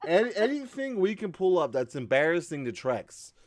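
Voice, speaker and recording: A man co-hosting a casual gaming podcast, animated and laughing, often tripping over his words. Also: high-pitched, normal speed. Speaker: podcast co-host. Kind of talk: casual chat.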